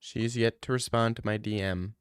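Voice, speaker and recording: A man's voice: fairly low pitch, fairly even intonation, normal speed, clean tone, no room sound, clean studio sound. A man on a stream casually answering viewer questions, joking and ranting in mock outrage.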